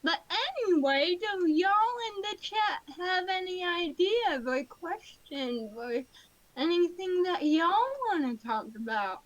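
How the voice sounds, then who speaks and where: Slow-talking woman streamer, high voice. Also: animated, no room sound, rough recording. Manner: playful, whiny mock-crying. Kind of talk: casual stream chat while gaming and drawing.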